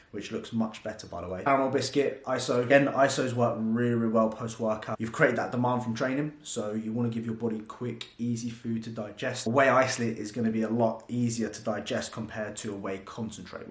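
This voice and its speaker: A man's voice: medium pitch, roomy sound. A man, a fitness vlogger and coach, chatting casually and jokingly through a product review and swearing freely.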